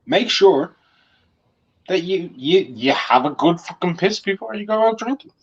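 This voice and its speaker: A man talks in a blunt, foul-mouthed, emphatic way during a casual online chat. His voice sits a little high, and the sound is dull and lo-fi. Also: animated, unhurried, slightly rough. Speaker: panel guest on a sports talk stream. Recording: dull lo-fi stream audio.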